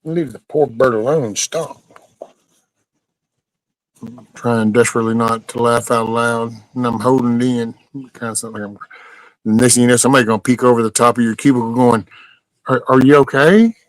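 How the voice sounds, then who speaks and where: A man's voice: mid-range voice, little pitch movement, quick pace, no room sound, low-quality recording. Laid-back man, dry close sound. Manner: laid-back, rambling, scolds his dog mid-sentence. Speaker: livestream host. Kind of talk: casual livestream chat. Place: at home near a backyard chicken coop.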